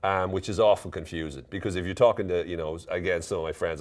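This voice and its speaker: This is an Irish man with a deep, low-set voice, giving a casual to-camera explainer of everyday Irish expressions. He keeps it light and teasing, breaking into laughter at his own jokes. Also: quick pace, hardly any pauses. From Ireland. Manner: playful, jokey, laughs at himself. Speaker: presenter explaining Irish slang.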